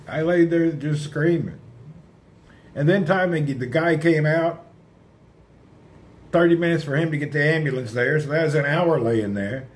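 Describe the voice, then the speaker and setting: A man's voice: a little high, moderate pace. Chatty man rambling on a livestream. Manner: rambling, chatty, answers viewer comments aloud. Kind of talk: casual livestream chat with viewers.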